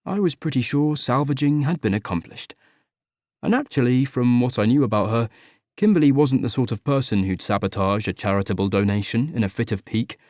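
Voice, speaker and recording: A man narrates a first-person audiobook with a wry, conversational delivery. His voice sits at an ordinary middle pitch and is recorded close and dry, with no room sound around it. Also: fairly quick, darkish tone, no room sound.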